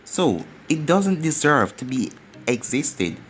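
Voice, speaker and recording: A man's voice: fairly high pitch, very animated, slow pace, a bit bright, slight background noise, heavily acted. A man voicing a proud, scheming young woman ninja with a sly, self-righteous manner, over faint music.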